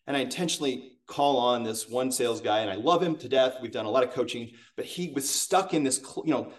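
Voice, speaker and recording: A man, a sales coach and podcast guest, telling a story in a lively, conversational way. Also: medium pitch, quick pace, recorded from a distance. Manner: animated, acts out quotes.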